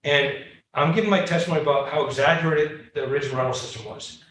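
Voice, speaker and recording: A man giving a storytelling lecture to a live audience on coastal science, lively and acting out the dialogue in his anecdotes. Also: a little high, fast talker, slight background noise. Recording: echoey room, heard from far off.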